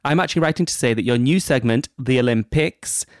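A man's voice: medium pitch, fairly quick, no room sound, clean studio sound. A man co-hosting a podcast, reading out listener letters in casual chat with teasing asides. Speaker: podcast co-host.

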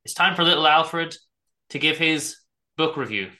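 A man co-hosting a casual book podcast, telling stories with animated read-aloud quotes. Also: fairly high pitch, moderate pace. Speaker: podcast co-host.

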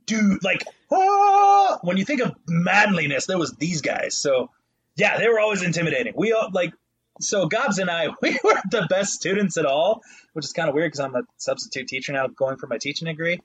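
A man's voice: on the high side, fairly quick, husky. A young man on a casual podcast, swearing often and acting out quotes while telling stories about substitute teaching. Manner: animated storytelling, swears a lot, acts out voices. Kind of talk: casual chat.

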